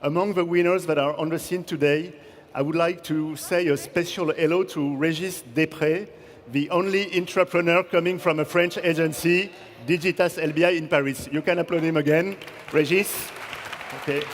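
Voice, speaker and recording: Speaking at a normal pace with fairly even intonation, a man with a somewhat high voice hosts an awards ceremony on stage. He courteously brings people forward and introduces the speakers. The recording carries the reverb of a large conference hall plus audience and ambient noise.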